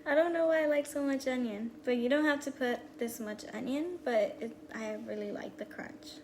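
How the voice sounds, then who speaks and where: A woman's voice: high-pitched, normal speed, hardly any pauses. A woman hosting a casual meal prep livestream from a home kitchen, chatting to her viewers and counting items aloud. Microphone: earpiece mic. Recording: echoey room with loud background noise.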